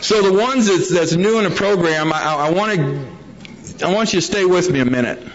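A man with a high, brisk voice tells his recovery story to a meeting, a folksy storyteller who acts out the quotes. The recording is dull and lo-fi.

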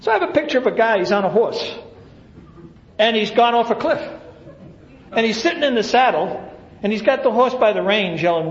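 A man speaking to a meeting about recovery, telling humorous, animated stories, recorded in a roomy hall with an audience. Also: sits high, brisk, long pauses, muffled recording, crowd noise. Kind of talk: storytelling talk to a meeting.

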